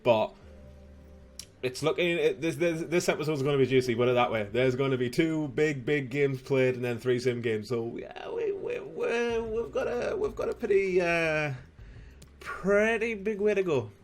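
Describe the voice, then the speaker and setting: A young man commentating his own football video game, slightly hoarse, bursting into shouts and laughter at goals. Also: fairly high pitch, normal speed, slight background noise. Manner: excitable, shouts at goals, casual swearing. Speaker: gaming youtuber.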